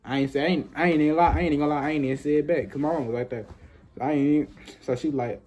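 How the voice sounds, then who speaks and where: A man's voice: on the high side, steady tone, rapid-fire, a little mellow, a little hiss or hum. A young man in his twenties telling a casual, rambling story full of repetition and profane slang.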